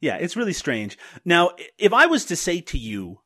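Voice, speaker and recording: A man's voice: high voice, huge pitch swings, normal speed, bright, forceful tone. A man hosting a film podcast, laying out his arguments with some hesitation. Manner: analytical, building points with hesitations. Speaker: podcast host. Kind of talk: casual film-review chat.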